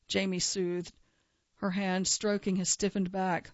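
A woman's voice: medium pitch, dry recording. Woman reading a story aloud. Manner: measured, plain reading. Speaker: volunteer reader for a reading service. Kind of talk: scripted narration of a magazine story. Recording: dull dry broadcast recording.

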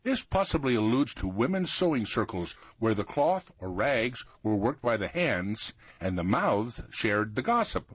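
Man, hearty tall-tale teller, slightly husky, expressive intonation, dull dry sound. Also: medium pitch, measured pace, hardly any pauses, dry recording. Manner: hearty, exaggerating storyteller. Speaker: storyteller and co-host. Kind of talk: folksy tall-tale storytelling.

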